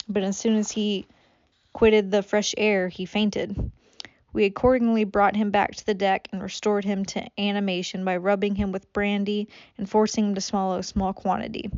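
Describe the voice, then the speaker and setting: A woman reads a classic novel aloud as an amateur audiobook, stumbling over words and breaking off for swearing asides. Her voice is medium-pitched and darkish, and the audio is dull with no echo.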